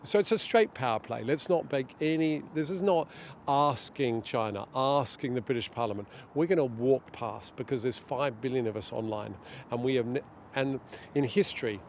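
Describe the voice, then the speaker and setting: A middle-aged man being interviewed outdoors, talking in an animated way and acting out what others say. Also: medium pitch, moderate pace, a little hiss or hum. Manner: animated, storytelling, acts out quotes. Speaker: guest, director of a global governance group. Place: outdoors near a street demonstration.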